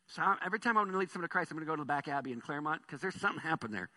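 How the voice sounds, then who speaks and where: A man preaching a sermon as pastor, telling stories with animated swings between soft and loud delivery. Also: fairly high pitch, racing, hardly any pauses.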